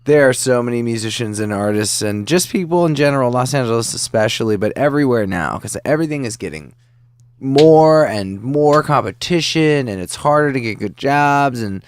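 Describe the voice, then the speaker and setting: A man hosting a podcast, asking questions in a relaxed casual chat and searching for his words as he goes. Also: medium pitch, moderate pace, smooth. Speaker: podcast host.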